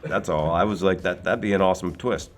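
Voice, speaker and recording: A man's voice: sits low, steady tone, a little fast, faint music behind. A man in his sixties from Philadelphia, an actor telling casual, rambling anecdotes with many fillers and laughs. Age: 60s. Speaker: actor guest.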